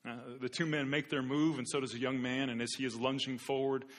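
A man's voice: mid-range voice, level tone, a little fast. A man preaching a sermon as a pastor, telling an illustrative story in an earnest way with occasional repeated words.

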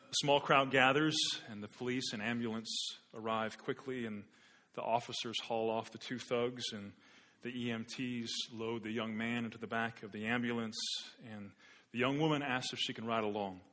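A man's voice: mid-range voice, fairly even intonation, normal speed, sharp tone. A man preaching a sermon as a pastor, telling an illustrative story in an earnest way with occasional repeated words.

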